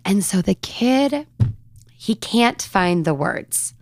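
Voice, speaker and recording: A woman hosting a podcast, telling a personal story in an animated, chatty way. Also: mid-range voice, slow pace, no room sound, studio quality. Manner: animated, chatty, acts out conversations. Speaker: podcast host.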